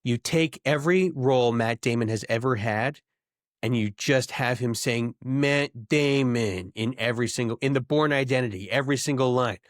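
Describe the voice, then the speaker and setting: A young adult man co-hosting a podcast, chatting casually and ranting in a jokey way, his pitch jumping up when he gets worked up. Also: a little fast, dry recording, clean studio sound. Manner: animated, jokey, rants with rising pitch. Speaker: podcast co-host. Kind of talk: casual banter.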